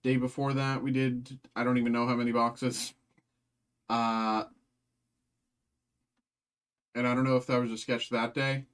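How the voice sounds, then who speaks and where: A man's voice: mid-range voice, little pitch movement, moderate pace, fairly bright tone. Chatty man hosting a card break. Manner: chatty, rambling, lots of fillers. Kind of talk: live stream card break chat.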